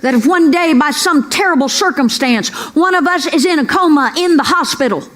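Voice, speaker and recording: A woman's voice: sits high, animated, moderate pace, a bit bright. A middle-aged woman doing a folksy, sassy stand-up routine, calling the crowd "girls" and asking for amens. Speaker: stand-up comedian. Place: comedy club stage. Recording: live stand-up with crowd noise. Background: audience laughter and room noise.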